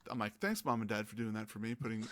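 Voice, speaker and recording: A man hosting a gaming podcast, telling stories in a casual, animated way and acting out the people he quotes. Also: lowish voice, quick pace. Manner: animated, acts out quoted voices. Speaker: podcast host. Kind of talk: casual storytelling chat.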